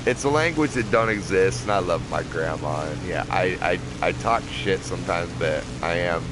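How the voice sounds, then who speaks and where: Profane, rambling gamer guy, lowish voice. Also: normal speed. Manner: profane, rambling, laughs often. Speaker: gamer playing a flight combat game. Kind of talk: casual gameplay commentary. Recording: game noise in the background.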